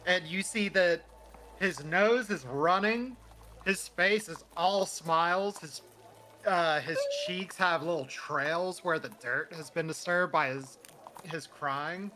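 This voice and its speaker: A man narrating a tabletop role-playing game as dungeon master, chatty and animated with many fillers. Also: a little high, takes it slowly.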